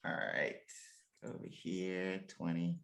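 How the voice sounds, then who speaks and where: A man playing a tabletop game, excitable and quick to laugh. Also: deep voice, vocal fry, a little hiss or hum. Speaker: player. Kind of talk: casual tabletop game play.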